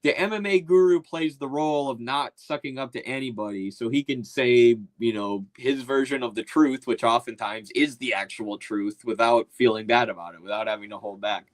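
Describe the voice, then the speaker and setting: A man's voice: medium pitch, normal speed, hardly any pauses, rough recording. A man giving casual opinion commentary in a loose, slangy, mocking way. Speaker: political commentator.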